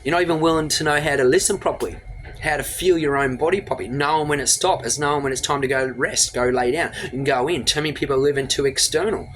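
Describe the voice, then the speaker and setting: A man's voice: fairly high pitch, a bit bright, a little hiss or hum. A man giving a blunt, profane motivational rant straight into his phone camera. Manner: blunt, profane, rapid-fire lecturing. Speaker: motivational vlogger.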